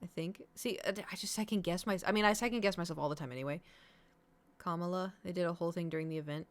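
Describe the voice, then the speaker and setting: A woman's voice: fairly low pitch, quick pace. A woman streamer chatting casually with her viewers, rambling and poking fun at herself. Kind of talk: casual live-stream chat.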